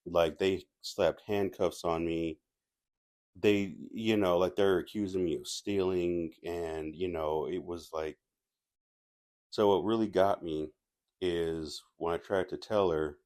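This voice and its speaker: Man, very low voice, casual storytelling, rambling asides, animated retelling. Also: slow pace. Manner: rambling, with frequent restarts and asides. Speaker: movie reviewer telling a personal story.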